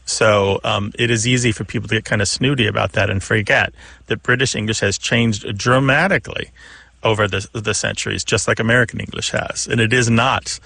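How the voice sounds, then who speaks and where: A male radio co-host talks through a listener's question in a thoughtful, unhurried way. His voice has a gravelly edge, and the studio sound is dry and close. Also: on the low side, steady tone, bright, forceful tone, no room sound. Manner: thoughtful, explanatory, laughs often. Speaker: radio show co-host, language expert. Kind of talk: casual explanatory radio talk.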